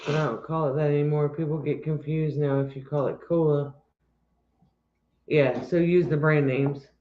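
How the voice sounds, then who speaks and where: A man with a notably high voice chats casually as co-host, joking around and laughing easily. The recording is roomy and slightly muffled. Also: steady tone, moderate pace, slight background noise. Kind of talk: casual chat.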